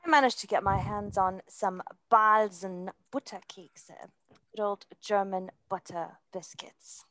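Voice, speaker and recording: A woman co-hosting a professional podcast, bright, friendly and chatty. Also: mid-range voice, a little slow, slight background noise. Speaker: podcast co-host, lawyer.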